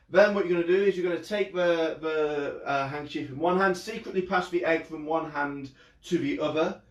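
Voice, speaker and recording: A man's voice: fairly high pitch, dull audio. Playful man teaching kids magic, roomy. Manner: playful, jokey, talking straight to children. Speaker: children's entertainer. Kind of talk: live online magic lesson for kids. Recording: roomy echo, mic at a distance.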